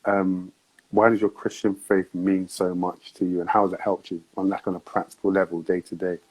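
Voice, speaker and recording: A British man hosts an interview, his voice fairly low and slightly husky. He asks his questions slowly and gently, with many murmured yeahs. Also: flat delivery, rough recording. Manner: soft-spoken, many backchannels, unhurried questions. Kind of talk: interview conversation.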